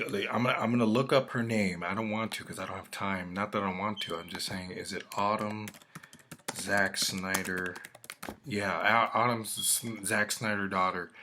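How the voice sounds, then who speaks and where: A man's voice: fairly low pitch, pushed and bright. A man ranting to camera in a rambling way, swearing often and restarting his sentences. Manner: profane, rambling, with frequent restarts. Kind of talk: rambling opinion rant to camera.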